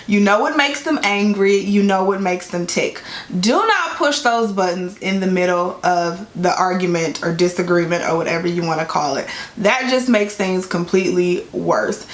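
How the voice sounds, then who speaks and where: A woman in a casual advice vlog explains relationship tips earnestly, often reaching for "like". Her pitch sits in a middle range. The room around her sounds echoey. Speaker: vlogger giving relationship advice.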